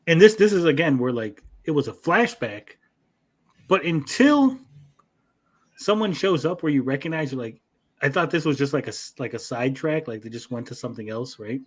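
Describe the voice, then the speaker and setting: A man co-hosting a casual anime review, with an ordinary mid-range voice. He retells scenes in an animated, profane way, slipping into quick mock voices for the characters. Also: medium pitch, slightly rough. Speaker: podcast co-host.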